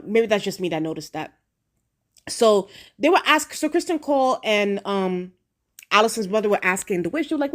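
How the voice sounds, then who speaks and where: A woman talks through a TV episode in a casual review vlog. She is blunt and slangy, swears freely, and speaks straight to her viewers. Her voice sits at a middle pitch. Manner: outspoken, addresses viewers directly. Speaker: TV show reviewer.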